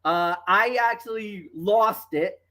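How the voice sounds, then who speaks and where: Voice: medium pitch, slow, bright, forceful tone, low-quality recording. A sports talk show co-host chatting casually, telling stories and talking players, rambling with fillers and restarts.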